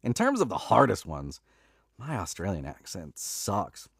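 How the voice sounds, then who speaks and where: Casual male host with a low voice and a dry, close sound. Relaxed, rambling, filler-heavy live-stream chat. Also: unhurried, creaky, breathy edge, dry recording. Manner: laid-back and chatty, many fillers and laughs, says "dude".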